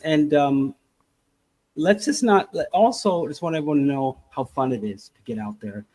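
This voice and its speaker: A man co-hosts a casual podcast in a somewhat high voice. He rambles and bounces between thoughts, acting out small scenes along the way. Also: normal speed, rough recording. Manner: animated, rambling storyteller who acts out little scenes. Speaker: podcast co-host.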